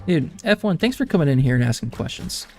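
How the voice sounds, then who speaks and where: A man's voice: a little high, very animated, quick pace, a little mellow, faint music behind. A man streaming a game, rambling and chatting casually to his viewers and laughing often.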